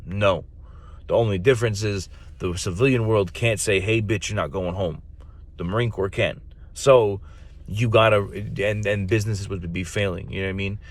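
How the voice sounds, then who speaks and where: A man's voice: on the low side, moderate pace. A man in his thirties, a Marine recruiter, talking casually and bluntly with profanity and slang. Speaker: podcast host, Marine recruiter. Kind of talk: casual chat.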